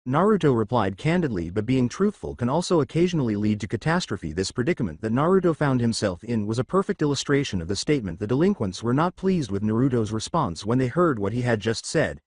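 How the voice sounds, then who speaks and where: Male narrator for fan fiction, lively pitch, dry close sound. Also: fairly quick, few pauses, dry recording.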